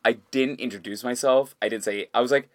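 A man's voice: mid-range voice, brisk. A man telling rambling, profane stories as a guest in a casual podcast studio chat, full of restarts and quoted asides.

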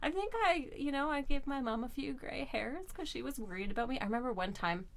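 Animated woman telling a story. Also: high-pitched, a little fast, creaky. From Canada. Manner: animated, laughing, acts out voices in her story. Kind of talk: casual storytelling.

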